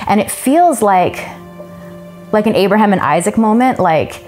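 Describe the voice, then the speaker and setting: A woman's voice: mid-range voice, very animated, moderate pace, a little mellow, faint music behind. A woman, telling a personal testimony in an earnest, emotional way. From Canada. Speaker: church member giving a testimony.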